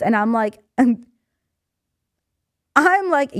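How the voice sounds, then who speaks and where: A young woman co-hosting a podcast in a studio, telling a story in a lively way, acting out voices and laughing often. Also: mid-range voice, brisk, dry recording. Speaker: podcast co-host. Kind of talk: casual chat.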